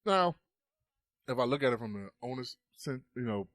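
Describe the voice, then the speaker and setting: A man's voice: mid-range voice, lively intonation, normal speed, fairly bright tone, no echo. A man, a podcast guest, telling a story casually into a close mic. He swears often and acts out the voices.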